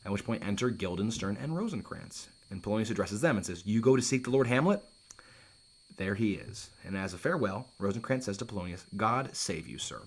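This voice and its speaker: A man teaching a Shakespeare play, reading lines aloud and paraphrasing them in casual, lively asides. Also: on the low side, fairly quick, husky. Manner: lively, casual asides, often restarts and says um.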